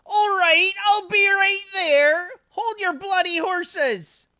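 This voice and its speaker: A woman voicing a doting, scolding older mother, gushing and nagging in a high voice. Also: slow pace, pushed and bright, no room sound, clean studio sound, heavily acted.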